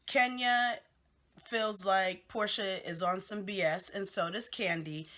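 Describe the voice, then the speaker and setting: A woman's voice: lowish voice, sharp tone. A woman hosting a casual gossip recap of a reality show, chatty and candid with lots of fillers and asides.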